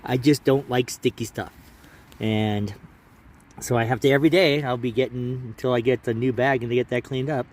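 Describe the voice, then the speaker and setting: Speaking at a moderate pace with a steady, somewhat dark medium-pitched voice, an Alaskan hiker narrates a casual vlog from a mountain campsite. He holds the camera himself and chats on, rambling, a little tired, and frequently breaking off his own sentences.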